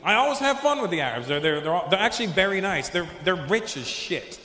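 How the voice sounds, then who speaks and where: A man's voice: high-pitched, sing-song, fast, pushed and bright. A man doing a stand-up routine on a handheld mic before a live crowd, chatting with the audience and slipping into silly voices. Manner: chats with the crowd, jumps into silly put-on voices. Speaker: stand-up comedian. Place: large comedy venue with a live audience. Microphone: handheld stage mic. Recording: roomy hall, long reverb.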